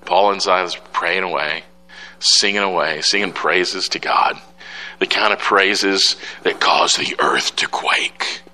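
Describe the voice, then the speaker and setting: A man's voice: low voice, steady tone, slow pace, bright, forceful tone, faint music behind, rough recording. A middle-aged man preaching an emphatic sermon as pastor, repeating key phrases for effect.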